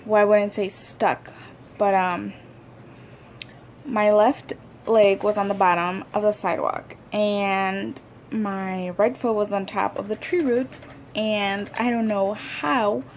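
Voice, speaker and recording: A young woman talks straight to her camera about something that happened to her, rambling along with lots of ums and likes. Her pitch sits in an ordinary middle range. A faint hiss runs underneath the recording. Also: steady tone, takes it slowly. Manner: rambling and conversational, many fillers. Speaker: YouTuber. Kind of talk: casual storytime vlog.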